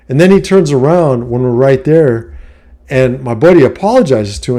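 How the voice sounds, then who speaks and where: A man's voice: medium pitch, lively intonation, moderate pace, mellow. A middle-aged man talking bluntly to camera about his life, swearing often and asking "you know what I mean" after nearly every point. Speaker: vlogger giving life advice. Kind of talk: casual monologue to camera.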